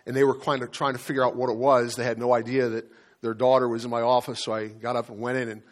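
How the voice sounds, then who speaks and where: A man preaching a sermon as pastor, telling a personal story in an earnest, halting way with frequent restarts. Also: medium pitch, little pitch movement. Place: church.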